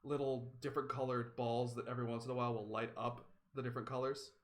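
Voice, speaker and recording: A man's voice: medium pitch, little pitch movement, fast talker. A man running a tabletop game as game master, narrating in a chatty way with many fillers.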